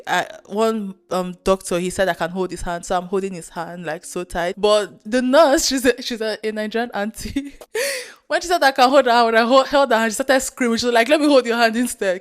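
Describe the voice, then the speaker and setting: A woman's voice: mid-range voice, clean tone. A young woman with a British accent, casually telling a story in her vlog with lots of "like" and "yo" and bursts of laughter. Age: young adult. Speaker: vlogger.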